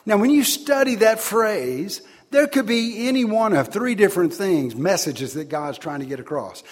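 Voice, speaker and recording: A man preaching a sermon, swinging between loud, emphatic declarations and quiet asides. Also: sits high, sing-song, normal speed, hardly any pauses.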